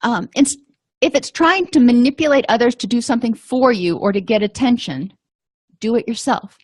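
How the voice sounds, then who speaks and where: A middle-aged woman calmly explaining anger management tips in a casual talk, with frequent pauses and fillers. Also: fairly high pitch, dry recording, studio quality. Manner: calm, explanatory, with frequent ums and you-knows. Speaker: vlogger giving advice.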